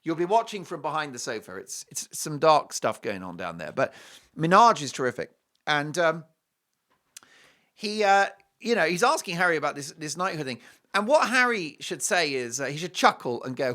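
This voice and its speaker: Brit guy host ranting about clips, all over the place pitch-wise, bright tone. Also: moderate pace. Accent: British. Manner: animated and mocking, with scornful asides. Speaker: talk show host. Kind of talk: opinionated commentary on clips.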